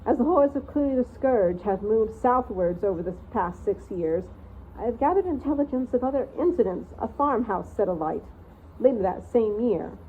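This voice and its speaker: A woman voicing an ancient, forgetful male mouse who keeps records, speaking in a squeaky near-whisper and rambling like a doddering elder. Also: lively intonation, normal speed, close to an everyday voice. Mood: grave. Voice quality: squeaky voice barely above a whisper. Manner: doddering, rambling, peering over spectacles. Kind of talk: storybook reading. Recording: tinny phone-like sound, faint hiss.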